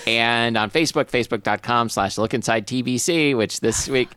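Hesitant man co-host, deadpan humor. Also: mid-range voice, normal speed, smooth, no echo. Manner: hesitant, many fillers, deadpan jokes. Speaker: book club podcast co-host. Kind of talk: casual chat.

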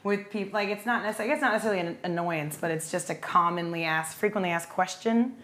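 A woman's voice: on the low side, quick pace, noisy background. A woman co-hosting a casual chat, joking and laughing through playful banter. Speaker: co-host.

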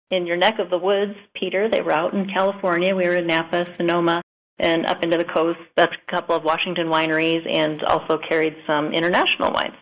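A woman in her fifties from South Dakota talks as a guest on a radio show, with a lowish voice for a woman. She sounds earnest and upbeat. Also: poor audio. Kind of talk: radio interview.

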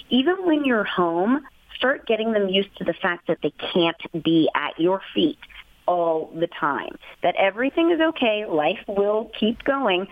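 A woman giving casual, encouraging advice on pets, chatty and lively, sometimes acting out a gushing pet owner. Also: mid-range voice, no room sound. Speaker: pet expert guest. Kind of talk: casual advice on a phone interview. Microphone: telephone. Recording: dry, tinny phone line.

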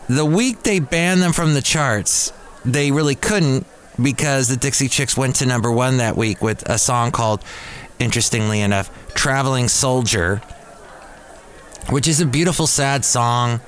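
A man's voice: medium pitch, measured pace, fairly bright tone, a little hiss or hum. A man hosting a podcast in a casual monologue who rambles and corrects himself aloud. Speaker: podcast host.

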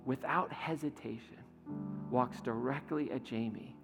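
A male pastor preaching a sermon in a church, retelling a scene in a lively, storytelling way. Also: mid-range voice, a little slow, creaky. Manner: animated storytelling, retelling a scene with quoted lines. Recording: echoey hall with faint music.

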